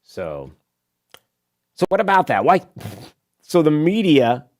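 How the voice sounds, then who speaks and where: Animated sarcastic male radio host. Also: on the high side, takes it slowly. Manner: sarcastic, animated, rambling with asides. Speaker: radio talk show host. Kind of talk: opinionated talk radio monologue. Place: radio studio.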